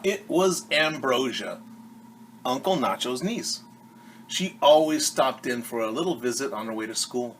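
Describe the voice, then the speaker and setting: A man's voice: medium pitch, animated, a bit bright, slight background noise. A male teacher reading a children's story aloud, speaking patiently to young listeners. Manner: slow, patient, addresses children directly.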